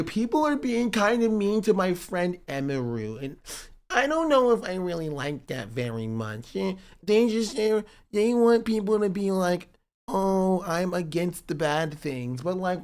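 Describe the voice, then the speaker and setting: A man putting on a high whimpering crybaby. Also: expressive, moderate pace, a little mellow. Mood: whiny. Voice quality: high, whimpering, mock-crying. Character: whiny self-pitying adult man, mocked.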